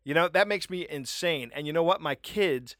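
A middle-aged man hosting a comedy podcast, ranting wryly and telling animated anecdotes. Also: fairly high pitch, normal speed, no room sound, clean studio sound. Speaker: podcast host. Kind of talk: casual comedic podcast chat and storytelling.

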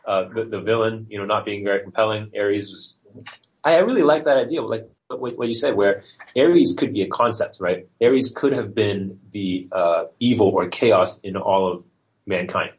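A man's voice: lowish voice, moderate pace, highs cut off. A man hosting a casual film review chat, rambling with many fillers. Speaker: podcast host.

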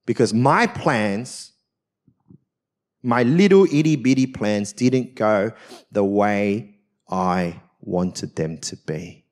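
A man's voice: mid-range voice, slow pace, a little mellow. A man, a senior pastor at a church service, preaching a personal story in a conversational, self-mocking way with frequent tag questions.

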